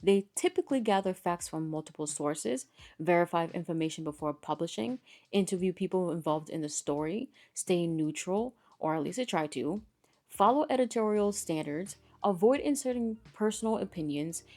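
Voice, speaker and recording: A woman's voice: lowish voice, lively intonation, normal speed, dark tone. A woman hosting a commentary channel, ranting bluntly and swearing freely in a fed-up tone. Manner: blunt, profane, exasperated ranting. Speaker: commentary host.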